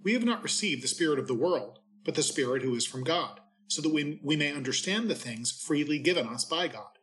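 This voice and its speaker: Man reading scripture with measured reverence. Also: mid-range voice, a bit bright, poor audio. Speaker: clergyman giving daily readings and reflection. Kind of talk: scripture reading and short homily.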